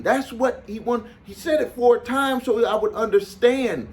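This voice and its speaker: A man's voice: sits high, unhurried, few pauses. A man coaching small business owners, telling a client story casually to camera, often repeating phrases for emphasis.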